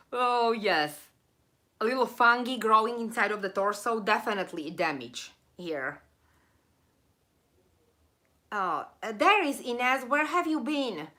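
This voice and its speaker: Bright-voiced gushing live-stream hostess. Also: female voice, mid-range voice. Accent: non-native accent. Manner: rambling, effusive, quick laughs, lots of thank-yous. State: losing her voice. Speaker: channel host of a live stream. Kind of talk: casual live-stream chat reading viewer comments.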